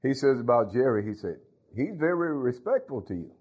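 Folksy pastor, husky voice. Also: male voice, mid-range voice, sing-song, fairly quick, dull audio. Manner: folksy, talks to congregation, frequent hallelujahs and laughs. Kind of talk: sermon.

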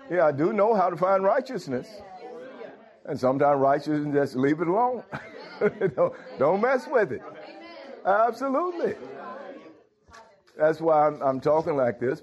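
Emphatic preacher man, lo-fi. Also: a little mellow. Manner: emphatic, swings to high exclamations and laughs. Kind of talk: sermon. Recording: dull lo-fi sound.

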